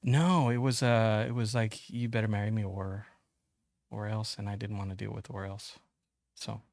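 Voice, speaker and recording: A man's voice: on the low side, steady tone, moderate pace, gravelly, a little mellow, no echo, studio quality. A man, casually telling a long story as a podcast guest, full of fillers, restarts and swearing. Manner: rambling, many fillers and restarts, swearing, acts out quoted voices.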